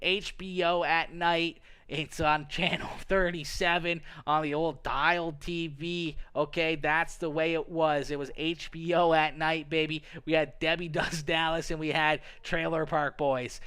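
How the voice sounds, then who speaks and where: Canadian guy chatting on his stream at home, playful, laughs a lot, super bright crisp voice. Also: on the high side, flat delivery, unhurried, hardly any pauses. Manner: playful, says "okay" a lot, laughs often. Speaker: livestream host. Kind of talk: casual livestream chat.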